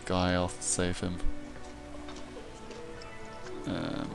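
A man chatting casually with friends over voice chat while playing a strategy game, laid-back and quick to swear or laugh. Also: low voice, monotone, gravelly, over music. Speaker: gamer playing in a group.

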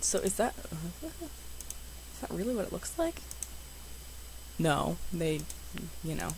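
A young woman, a gaming YouTuber, chatting excitedly to her viewers as she plays. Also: on the low side, gravelly, a little hiss or hum, low-quality recording. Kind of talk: casual game commentary.

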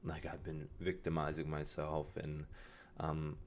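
A man's voice: very deep voice, completely flat delivery, a little slow, slight background noise. A young man talking casually and reflectively to his camera, rambling with many fillers and restarts. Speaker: vlogger. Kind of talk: casual self-reflective vlog.

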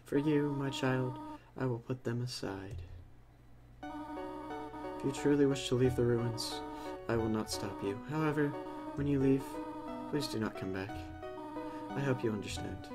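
A woman voicing a gentle motherly caretaker from a video game, speaking softly in a low, hushed, solemn tone. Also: big pitch swings, unhurried, music in the background, exaggerated voice. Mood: sorrowful.

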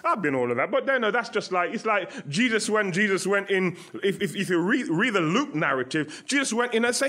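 A man preaching a sermon, exuberant, laughing and shouting Hallelujah. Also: fairly high pitch, moderate pace. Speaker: pastor and guest speaker.

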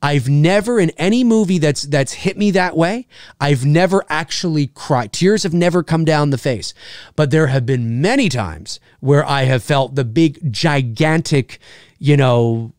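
A man's voice: fairly high pitch, unhurried, darkish tone, dry recording, studio quality. A man in his forties from Canada hosting a casual live chat show, rambling, repeating himself and swearing casually.

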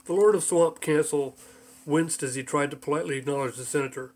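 A man's voice: a little high, fairly quick, a little mellow. A man reading his own comic novel aloud as an audiobook, in a light, storytelling manner. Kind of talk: audiobook narration.

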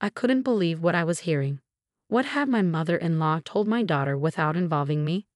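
A woman narrating a first-person story in an even, measured way. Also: low voice, dry recording, clean studio sound.

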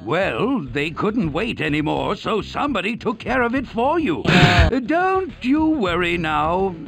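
An actor playing a fussy, sing-song townsperson in a children's video game, with a gravelly, drawn-out voice over game music. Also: male voice, high-pitched, very animated, fairly bright tone, heavily acted. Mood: consoling.

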